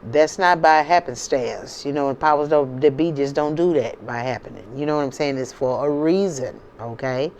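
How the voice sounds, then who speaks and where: An American woman with a low, darkish voice hosts her own channel, speaking at normal speed with few pauses. She talks casually and emphatically to viewers, often checking in with "okay?" and "you know," over slight background noise.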